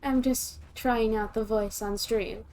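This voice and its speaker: A woman from the southern United States chatting on her gaming stream in a soft, calm put-on voice. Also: on the high side, slow. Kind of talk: casual gaming stream chat.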